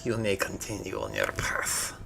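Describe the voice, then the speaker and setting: A man's voice: sits low, sing-song, moderate pace, creaky, pushed and bright, voice pushed down, full character voice. A man voicing a huge scarred one-eyed troll who speaks with formal courtesy, for a tabletop game. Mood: courteous.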